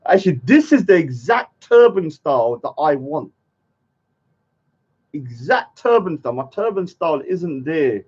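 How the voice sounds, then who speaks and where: A man's voice: a little high, sing-song, measured pace, a little mellow, slightly rough. A man chatting on a livestream and muttering to himself as he searches for things. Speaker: livestreaming artist. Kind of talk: casual livestream chat. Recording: dull lo-fi stream audio.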